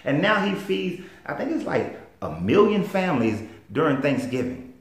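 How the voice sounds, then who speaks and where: A man's voice: fairly high pitch, big pitch swings, normal speed. A man with a Southern US accent, a life coach telling stories in a plain-spoken, emphatic motivational monologue. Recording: roomy echo.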